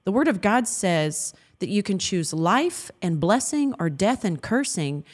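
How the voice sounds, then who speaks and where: A woman's voice: mid-range voice, animated, a little slow. Earnest woman talking faith and marriage. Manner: earnest and affectionate, laughs often, quotes scripture. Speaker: co-host of a Christian marriage talk. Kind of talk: heartfelt faith-based chat.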